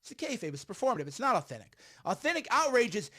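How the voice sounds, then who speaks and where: A man's voice: extremely high pitch, sing-song, fast talker, hardly any pauses, pushed and bright. A middle-aged man giving blunt, emphatic political commentary on a livestream while smoking a cigar.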